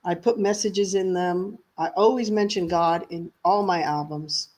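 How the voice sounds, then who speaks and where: A woman's voice: lowish voice, measured pace, a little mellow. A woman singer as an interview guest, speaking frankly and animatedly, often acting out her own past remarks. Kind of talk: casual interview chat.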